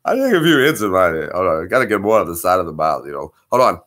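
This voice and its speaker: A man's voice: low-pitched, very animated, quick pace, a bit bright, pitched below the performer's own voice. A man impersonating a punch-drunk male boxer with a slurred side-of-mouth mumble. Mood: dazed.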